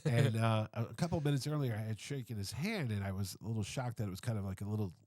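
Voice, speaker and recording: A man's voice: lowish voice, fast, dry recording. A middle-aged man as a podcast guest, telling a story casually and acting out the voices of everyone in it. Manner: animated, acts out everyone's voices. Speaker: comic convention founder, podcast guest.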